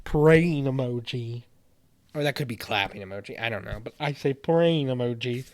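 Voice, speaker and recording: A young man hosts a casual podcast, reacting to paranormal community drama with animated indignation that sinks into muttering. His voice is medium-pitched at normal speed, in a dry recording.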